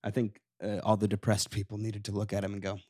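A young man co-hosting a casual podcast chat, joking around and dropping soft and low when he sulks. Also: completely flat delivery, fast talker, dry recording, studio quality. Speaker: podcast co-host.

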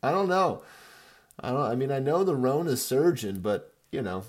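A man's voice: mid-range voice, animated, normal speed, a little mellow. A man in his thirties giving a rambling, profane, jokey recap of his fantasy football league to his friends. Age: 30s. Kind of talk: casual profane recap video.

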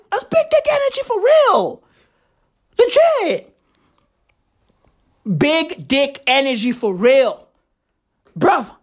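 A woman hosting a comedy podcast, ranting loudly with constant swearing and bursts of laughter. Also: mid-range voice, husky. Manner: profane, rowdy, loud and laughing. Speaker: podcast host.

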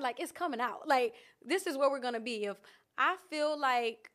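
A woman vlogger talking candidly and casually about her feelings, animated and laughing often. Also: sits high, fairly quick. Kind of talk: casual reflective chat. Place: outdoors in nature.

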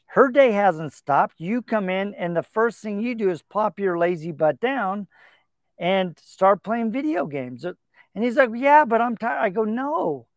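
Man, middle-aged, relationship advice host, higher-pitched voice, dry recording, earnest storyteller. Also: expressive, a little slow, dry recording. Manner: earnest storytelling, acts out quoted dialogue. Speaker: podcast host.

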